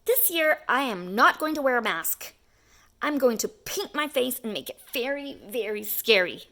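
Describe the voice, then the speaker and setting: A woman's voice: a little high, animated, moderate pace, pushed and bright. A woman voicing a bold little boy who loves scaring people in a read-aloud picture book, talking in a confident, matter-of-fact way. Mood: eager.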